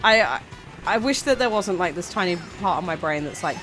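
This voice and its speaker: A woman's voice: fairly low pitch, lively intonation, a little fast, a bit bright. A woman streamer chatting casually, rambling and giggling, with frequent stammering restarts. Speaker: VTuber streamer. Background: faint background music.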